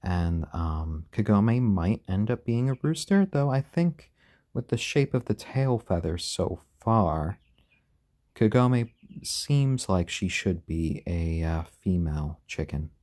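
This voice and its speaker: Low-voiced guy cooing at his chicks on a live stream, mellow and a bit husky, lots of lilt. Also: expressive, slow. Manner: gentle, talks softly and fondly to his chicks. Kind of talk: casual live-stream commentary.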